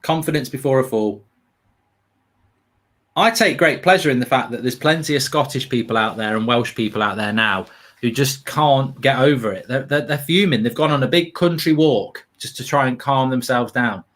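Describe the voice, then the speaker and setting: A man's voice: mid-range voice, moderate pace, a bit bright. A man hosting a live football watchalong, ranting animatedly and swearing freely. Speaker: host.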